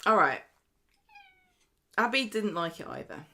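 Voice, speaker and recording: A woman, co-hosting a podcast in casual chat, animated and argumentative, often laughing. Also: mid-range voice, measured pace, creaky. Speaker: podcast co-host.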